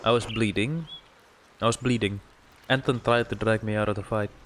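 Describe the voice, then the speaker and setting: A man voicing a widowed older father who is still grieving his son, reading slowly and somberly. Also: lowish voice, steady tone, a bit bright, a little hiss or hum, close to an everyday voice.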